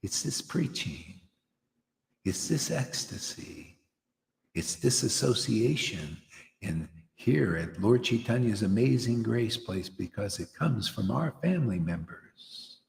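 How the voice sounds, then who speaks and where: A man's voice: fairly low pitch, expressive, unhurried, creaky, slight background noise. Rambling man preaching in an echoey hall. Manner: rambling, full of "you know" and "man". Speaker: preacher leading a devotional gathering. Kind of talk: informal preaching. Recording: echoey hall with long reverb.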